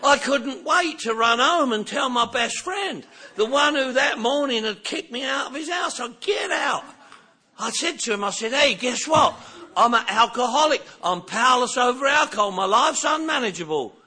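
A high, bright man's voice tells his story with lively swings of pitch. He talks in an animated way and breaks into laughter and shouts as the story builds. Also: normal speed, husky. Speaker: recovery speaker. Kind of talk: storytelling recovery talk.

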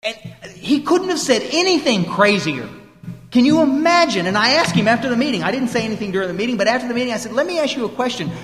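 A man's voice: very high voice, animated, quick pace, a bit bright, soft background music. A man giving an emphatic, folksy talk to a recovery meeting. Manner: folksy, emphatic, quotes people in voices. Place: meeting room. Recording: echoey hall, live talk recording.

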